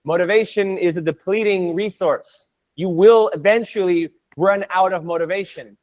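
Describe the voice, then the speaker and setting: A man teaching an online Spanish class, energetic and playful, drilling words by repeating them. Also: high voice, moderate pace.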